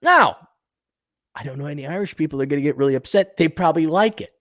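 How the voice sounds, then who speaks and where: Animated, rambling man telling jokes. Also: fairly high pitch, fast, dry recording, studio quality. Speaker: podcast co-host. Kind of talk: casual chat, joke-telling.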